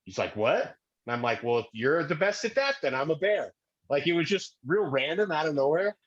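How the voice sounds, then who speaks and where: A middle-aged man tells a family story in a loose, rambling, self-deprecating way. His voice is husky, with a mid-range pitch. The recording sounds a little dull and lo-fi. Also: big pitch swings, fairly quick. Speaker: podcast co-host. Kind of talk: casual chat, storytelling.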